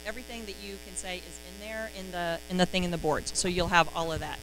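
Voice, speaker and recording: A woman giving a casual, chatty sales training talk, excitable and full of fillers. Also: on the low side, fast, background noise.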